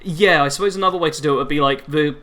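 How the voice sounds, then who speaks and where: A man's voice: a little high, rapid-fire, bright, forceful tone. A man in his twenties chatting casually with his viewers while playing a game, rambling and reacting to the action mid-sentence. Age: 20s. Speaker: gaming livestreamer.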